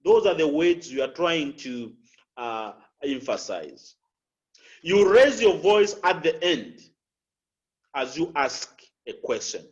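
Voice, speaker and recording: A man teaching public speaking in a high, very animated voice that swoops up and down as he demonstrates inflection. He talks slowly and deliberately and repeats his key phrases. The recording sounds dull and lo-fi. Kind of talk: instructional talk with spoken examples.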